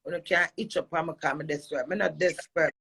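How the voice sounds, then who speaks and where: Gravelly-voiced Jamaican woman venting. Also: low-pitched, fairly even intonation, fast talker, a bit bright, a little hiss or hum. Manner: emphatic, repetitive, switching between patois and English. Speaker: dancehall personality airing a marital dispute. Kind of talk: heated venting monologue.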